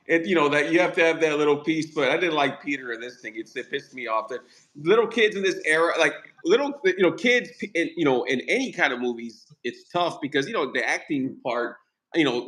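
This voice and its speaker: A man's voice: mid-range voice, a bit bright. A man hosting a podcast, chatting casually about a movie in a rambling, profane way. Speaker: podcast host.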